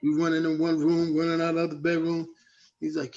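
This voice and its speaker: A middle-aged man, a guest rapper, telling animated, slangy stories in a casual interview and acting out other people's voices. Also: on the high side, fast talker, gravelly. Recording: dull lo-fi sound.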